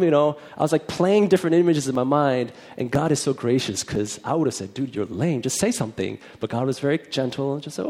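A man's voice: fairly high pitch, animated, fast, few pauses, a little mellow. A man who is a minister, telling a personal testimony in a chatty storytelling way and acting out both sides of the conversation.

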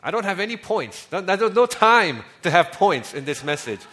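A man preaching a sermon in a conversational way, often dropping soft on key lines. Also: high-pitched, sing-song, moderate pace. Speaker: pastor.

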